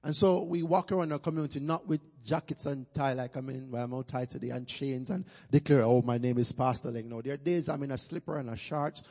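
Jamaican preacher man, gravelly, reverberant hall. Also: mid-range voice, a little mellow. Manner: rousing, calls for amens and praise. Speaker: guest pastor. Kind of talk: sermon. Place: church. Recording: long church-hall reverb.

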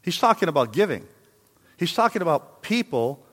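A man in his sixties preaching a sermon in a church, telling a story and then building to loud, emphatic exhortation. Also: on the high side, sing-song, moderate pace, long reverb tail. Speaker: pastor.

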